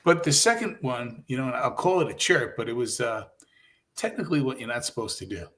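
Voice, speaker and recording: A man's voice: mid-range voice, brisk, slight background noise. A middle-aged man co-hosting a podcast, telling stories in casual chat and laughing often. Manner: animated storyteller, laughs often. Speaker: podcast co-host.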